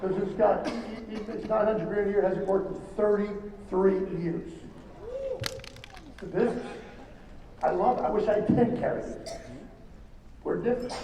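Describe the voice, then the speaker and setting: A man giving an emphatic, rambling motivational speech to an audience, with halting restarts. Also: high-pitched, mellow, muffled recording. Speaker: motivational speaker at a business event. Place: large hall. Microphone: distant from the microphone. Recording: echoey hall from far off, faint noise.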